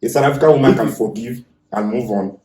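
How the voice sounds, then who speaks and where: Nigerian man, podcast guest, lively anecdotes, roomy echo. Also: mid-range voice, quick pace. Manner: animated storyteller, repeats himself. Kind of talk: casual podcast chat. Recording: echoey room.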